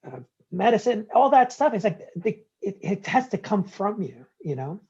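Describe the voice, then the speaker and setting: Male interview guest, storyteller who acts out both sides of a talk; husky tone, muffled lo-fi audio. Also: high voice, moderate pace. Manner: animated, acts out quoted dialogue. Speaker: guest entrepreneur.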